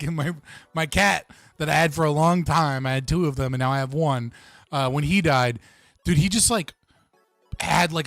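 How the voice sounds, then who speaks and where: Man, streamer host, animated joking rants, close dry mic, faint music behind. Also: on the high side, no room sound. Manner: animated, swearing, joking outbursts. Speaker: livestream host. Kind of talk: casual live-stream chat.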